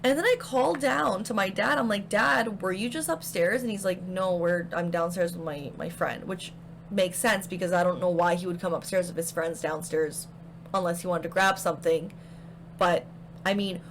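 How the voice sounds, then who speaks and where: Young woman rambling thru a ghost story, casual vlog chat, bit of hum in the bg. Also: mid-range voice. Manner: chatty, filler-heavy, animated retelling. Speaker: paranormal storyteller.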